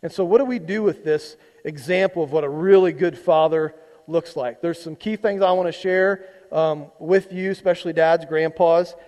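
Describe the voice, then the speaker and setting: A man's voice: on the high side, normal speed, a little mellow, in a large hall. A male pastor giving a conversational sermon, teasing his congregation as he reads and retells a scripture story. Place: church sanctuary.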